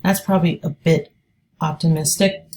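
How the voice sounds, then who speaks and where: A woman's voice: deep voice, fairly even intonation, normal speed, darkish tone. A woman day trader giving live trading commentary, thinking aloud and hesitant as she talks.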